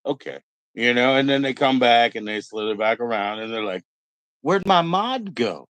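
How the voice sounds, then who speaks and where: A man's voice: mid-range voice, fairly even intonation, fairly quick, a bit bright, smooth, no echo, rough recording. A middle-aged man hosting a casual livestream, rambling and swearing, mocking other people in put-on voices. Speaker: livestream host.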